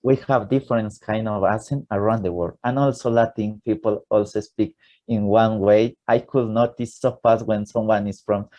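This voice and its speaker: A man's voice: on the low side, steady tone, moderate pace, mellow. A man from Ecuador with an Ecuadorian Spanish accent, a native Spanish speaker chatting eagerly as a podcast guest, laughing often and using simple learner grammar. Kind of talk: casual interview chat.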